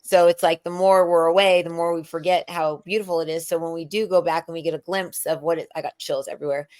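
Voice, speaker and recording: A middle-aged woman talks in a loose, rambling way about spiritual matters. Her voice sits low for a woman. She keeps acting out what other people said. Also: fast. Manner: rambling, animated, acts out quoted people. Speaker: spiritual medium and co-host. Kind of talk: casual spiritual chat.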